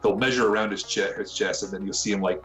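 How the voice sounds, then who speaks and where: A man's voice: fairly low pitch, fairly even intonation, fast talker, fairly bright tone, faint music behind. A man narrating as dungeon master, rambling with many fillers and restarts. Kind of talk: narrating a tabletop game.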